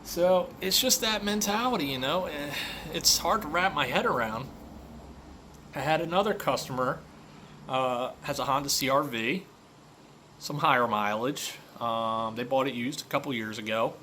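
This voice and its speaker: A man's voice: medium pitch, moderate pace, sharp tone, slight background noise. A man who runs a car repair shop, telling customer stories in a loose, filler-heavy rant. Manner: conversational storytelling, many fillers. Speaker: auto repair shop owner. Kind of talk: casual monologue rant.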